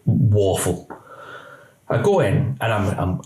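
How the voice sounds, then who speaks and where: A man's voice: on the low side, sing-song, slow pace, warm tone, roomy sound, low-quality recording. A man, a former police officer telling his story in a candid podcast interview and acting out the dialogue.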